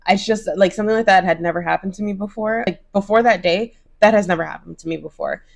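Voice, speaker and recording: A woman's voice: medium pitch, fast, gravelly. A young woman chatting casually to camera in a crochet vlog, gushing, with lots of "like" and "oh my gosh". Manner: bright put-on voices when quoting others. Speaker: crochet vlogger.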